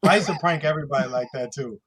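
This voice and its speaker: A man's voice: a little high, rapid-fire, a bit bright, slightly rough. A man co-hosting a casual political talk show, telling stories in a laid-back way and laughing often. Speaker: podcast co-host. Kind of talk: casual chat.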